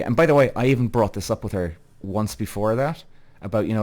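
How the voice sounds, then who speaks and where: Guy in his 30s ranting on his podcast, worked up, swears a lot, keeps calling the listeners guys, middle pitch. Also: a little fast, a little mellow. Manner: heated, swearing, repeats himself, addresses listeners as guys. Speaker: podcast host. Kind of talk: animated solo podcast rant.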